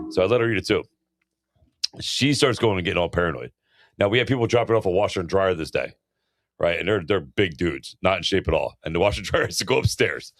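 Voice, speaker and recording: A man co-hosting a casual podcast, an animated storyteller who swears a lot and keeps saying bro. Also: low-pitched, quick pace, no echo, clean studio sound. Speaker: podcast co-host. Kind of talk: casual chat.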